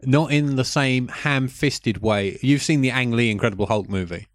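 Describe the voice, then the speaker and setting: A man's voice: medium pitch, dry recording. Dry-voiced man reviewing films. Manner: dry, deliberate, with many ums and pauses. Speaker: podcast co-host. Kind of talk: casual film review chat.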